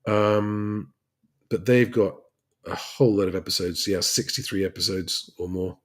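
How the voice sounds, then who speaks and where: A man's voice: deep voice, steady tone, a little slow. An English man hosting a casual livestream, chatting loosely with plenty of fillers and restarts as he answers viewer questions. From England. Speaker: livestream host and private pilot.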